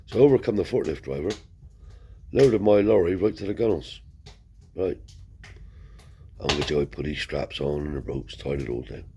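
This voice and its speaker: Deep-voiced man telling a rambling yarn. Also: normal speed, long pauses, dark tone, a little hiss or hum. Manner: rambling, swears freely, acts out dialogue; broad colloquial speech. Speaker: storyteller. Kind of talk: casual spoken anecdote.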